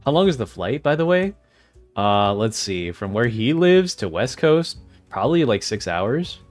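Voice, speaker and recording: A man chats loosely with his stream audience, drifting from one thought to the next and laughing along the way. His pitch moves around a lot as he talks, and faint music plays behind him. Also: very animated, unhurried. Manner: rambling, easily distracted, laughs often. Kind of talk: casual chat with livestream viewers.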